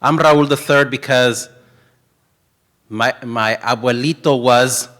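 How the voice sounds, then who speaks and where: A man's voice: mid-range voice, slow pace, a bit bright, in a large hall. A middle-aged man giving a conference keynote talk, a joking, rambling storyteller. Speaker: keynote speaker.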